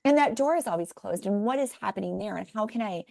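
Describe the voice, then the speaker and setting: A middle-aged woman guest on a parenting podcast, telling animated stories from her own family in a conversational interview. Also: medium pitch, fast, gravelly, no echo, studio quality. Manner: animated storyteller, talks through examples.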